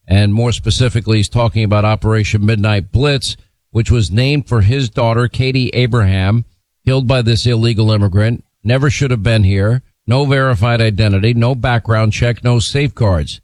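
A man hosting a talk radio show, speaking forcefully and with indignation into a studio microphone. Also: lowish voice, moderate pace, no echo. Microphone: studio mic.

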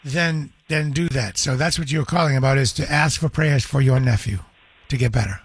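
A man hosting a talk radio call-in show, speaking gently and sympathetically with callers into a studio microphone. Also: medium pitch, moderate pace, slightly rough, no room sound.

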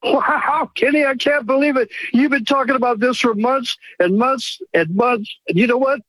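A man's voice: very high-pitched, moderate pace, fairly bright tone, no echo, low-quality recording. A man calling in to a radio show, emotional and gushing, rambling with many restarts. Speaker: caller. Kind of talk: phone-in call.

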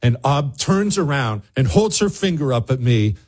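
A man hosting a show, telling a lively anecdote in casual chat and acting out the people in it. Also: medium pitch, normal speed, breathy edge. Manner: animated anecdote telling, voices other people in quotes. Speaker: radio show host.

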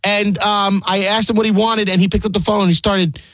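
A man's voice: high voice, level tone, brisk, fairly bright tone, no echo. A man making a prank phone call, playing an innocent customer. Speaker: prank caller.

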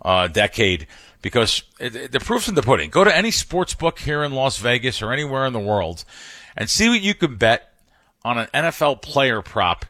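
Bright-voiced man, stumbling restarts. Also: medium pitch, sing-song, moderate pace, dry recording, studio quality. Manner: restarts and stumbles over words mid-sentence. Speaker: professional sports bettor, guest. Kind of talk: casual podcast conversation.

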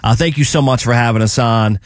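A man's voice: mid-range voice, fairly quick, dry recording, studio quality. A man with a Midwestern accent hosting a casual sports talk radio show, rambling a little with plenty of fillers. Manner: relaxed, rambling, frequent fillers. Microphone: studio mic.

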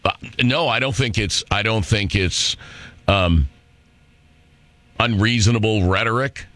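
On his talk radio show, a middle-aged host delivers an opinionated monologue that is brash, sarcastic, and rambling. He speaks on the low side at a measured pace, his tone a bit bright, through a studio microphone in a dry recording.

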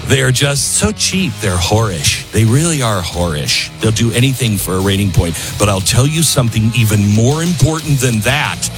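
A man hosting a talk radio show, rambling and animated as he jumps from aside to aside and reads ads in his own words. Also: on the low side, moderate pace, hardly any pauses, music in the background. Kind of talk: talk radio monologue with host-read ads.

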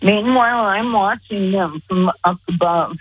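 A woman speaks slowly and earnestly, her voice very husky and breathy. She comes through a thin, tinny phone line with no room sound around her. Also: mid-range voice, dry recording. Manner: slow, earnest storytelling. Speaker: guest. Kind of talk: telling a personal story. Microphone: phone call.

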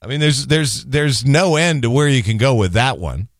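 A man hosting a call-in radio show, chatting and joking with callers in a relaxed, drawn-out way. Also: mid-range voice, no echo, clean studio sound. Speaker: radio talk show host. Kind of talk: casual call-in talk.

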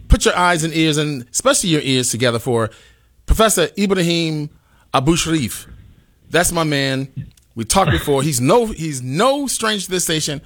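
A man's voice: on the high side, fairly bright tone. A man hosting a talk radio show, speaking passionately and emphatically, with exclamations.

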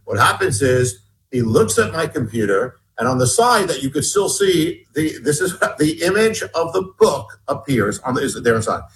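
A man, an author and guest on an interview show, telling a personal story emphatically and shifting between raised and hushed tones. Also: on the high side, big pitch swings, moderate pace, a little hiss or hum.

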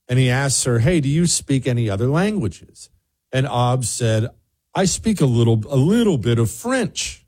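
A man's voice: mid-range voice, a little mellow. A man hosting a show, telling a casual vacation story and mimicking other people in raised voices. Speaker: radio show host.

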